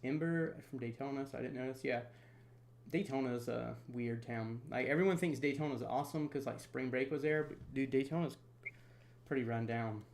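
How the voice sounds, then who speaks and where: A man in his thirties from North Florida hosting a casual storm-chasing livestream, chatty and quick to laugh while reading viewer comments. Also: mid-range voice, gravelly, a little hiss or hum. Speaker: storm chaser livestream host.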